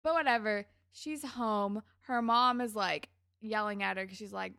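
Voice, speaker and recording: A woman co-hosting a podcast, chatting in a relaxed, rambling way and laughing often as she recaps a TV episode. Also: a little high, normal speed, few pauses, clean tone, no room sound, studio quality. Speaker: podcast co-host. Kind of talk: casual chat recapping a TV episode.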